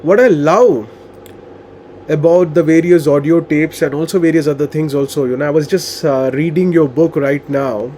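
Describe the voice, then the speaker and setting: A man in the interviewer's seat asks long, earnest questions and winds his way through them with frequent fillers. His voice sits a little higher than most men's. Faint ambient noise runs under the recording. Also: moderate pace, dark tone. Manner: earnest, many fillers like "you know" and "uh". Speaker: interviewer and coach.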